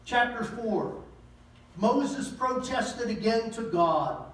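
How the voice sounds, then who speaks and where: A man's voice: extremely high pitch, expressive, slow pace, a bit bright. A male pastor preaching a sermon in a folksy, conversational way, with slang and pointed rhetorical questions. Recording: echoey room, voice from far off.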